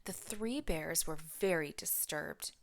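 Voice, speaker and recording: A woman teacher reading a picture book aloud, expressive and often dropping to a whisper. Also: low voice, takes it slowly.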